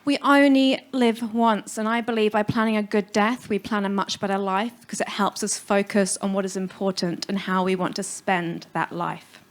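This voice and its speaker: A woman's voice: mid-range voice, fairly even intonation, normal speed, hardly any pauses. A woman, a funeral celebrant, giving a frank, humorous live stage talk. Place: live music venue stage.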